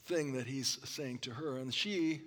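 A man preaching a sermon, explaining scripture and drawing calls of "amen" from the congregation, often clearing his throat. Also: mid-range voice, unhurried, a bit bright, big-room sound. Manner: expository preaching with congregation call-and-response. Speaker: pastor.

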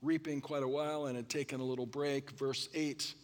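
A man preaching a sermon, explaining scripture and drawing calls of "amen" from the congregation, often clearing his throat. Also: medium pitch, little pitch movement, brisk, long reverb tail. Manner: expository preaching with congregation call-and-response. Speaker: pastor.

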